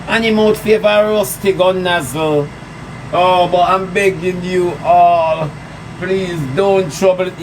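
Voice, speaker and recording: A man with a Jamaican accent ranting on a live stream, mocking and scolding with sarcasm. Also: high voice. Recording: distant mic with loud background noise.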